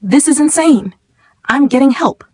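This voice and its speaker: A woman's voice: medium pitch, expressive, normal speed, no echo, lightly acted. Woman voicing a panicked teen schoolboy, urgent, alarmed, dry close sound. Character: panicked teenage boy student.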